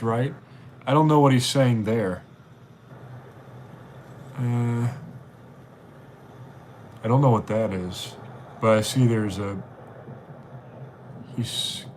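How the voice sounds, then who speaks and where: Casual male streamer, mid-pitched and rambling, with a faint hiss in the background. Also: vocal fry. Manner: rambling, chatty. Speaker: livestream host. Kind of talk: casual live-stream chat.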